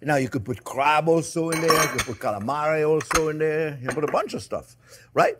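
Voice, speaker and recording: A man's voice: on the high side, fairly quick, very noisy. A man hosting a cooking show, chatting his way through a recipe and often calling his viewers friends. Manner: chatty and animated, keeps addressing viewers as friends. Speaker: chef and cooking show host. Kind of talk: casual cooking demonstration.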